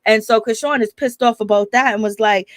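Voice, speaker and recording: A young American woman chats through a reality-show recap in a gossipy, filler-heavy way. Her voice sits fairly high for a woman. The sound is dry and close, with no room around it. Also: steady tone, fairly quick, no echo. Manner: chatty, gossipy, lots of filler phrases. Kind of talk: casual recap commentary.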